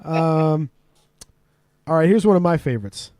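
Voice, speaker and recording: High-voiced man hosting, dry and close. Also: lively intonation, unhurried, dark tone, no echo. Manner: laughing, swears freely, teasing quiz-master. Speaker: podcast co-host. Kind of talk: casual banter.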